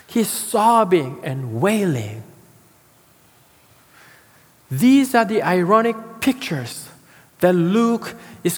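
Expressive preaching man in a reverberant hall. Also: high voice. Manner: dramatic pauses, repeating key words. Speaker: pastor. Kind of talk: sermon.

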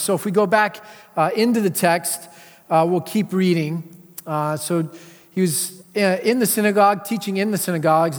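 A man giving a sermon as pastor, in a conversational way with frequent filler sounds. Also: fairly high pitch. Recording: long reverb of a large hall.

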